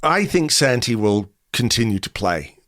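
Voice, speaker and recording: Middle-aged man, podcast host, dry and wry, relaxed chat, mid-pitched voice. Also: a little slow. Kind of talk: casual chat.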